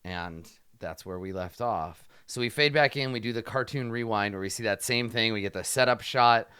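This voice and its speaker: A man narrating a tabletop game as game master, relaxed and hesitant with fillers while describing scenes. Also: on the low side, normal speed, smooth, no room sound, clean studio sound.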